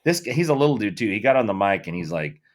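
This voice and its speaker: A middle-aged man co-hosting a podcast, talking in a loose, profane, rambling way with plenty of fillers. His pitch sits a little low and moves around a lot. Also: big pitch swings, quick pace. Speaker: podcast co-host. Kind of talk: casual chat.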